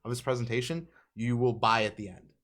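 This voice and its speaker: A man's voice: mid-range voice, a little fast, a bit bright. Laid-back man saying "dude" a lot. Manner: laid-back, swears, says "dude" and "like" often. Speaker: interviewer. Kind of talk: casual podcast chat.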